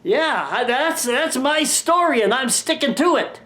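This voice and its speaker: An older man from Canada telling a personal travel story in a folksy, wry way, halting often with "uh" fillers. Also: very high voice, lively intonation, pushed and bright. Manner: halting, many "uh" fillers, wry self-mocking humor.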